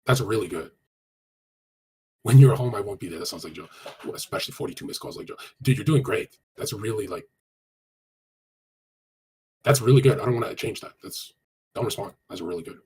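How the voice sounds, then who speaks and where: Fast-talking, crude male streamer. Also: lowish voice, slightly rough. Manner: crude, blunt and animated, swears a lot; rapid, run-on delivery with many fillers. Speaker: dating coach streamer. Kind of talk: casual live-stream advice, answering chat.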